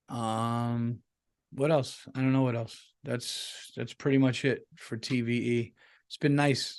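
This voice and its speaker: A man hosting a podcast, rambling through a casual comedic monologue with lots of swearing and restarts. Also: medium pitch. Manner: rambling, profane, full of restarts. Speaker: podcast host. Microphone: podcast microphone, on camera.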